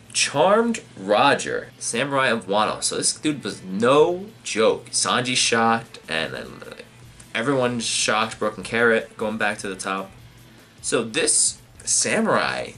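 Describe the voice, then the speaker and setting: A man hosting a live manga reaction, reading pages aloud and thinking out loud with casual swearing and lots of fillers. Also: on the low side. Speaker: manga reaction channel host.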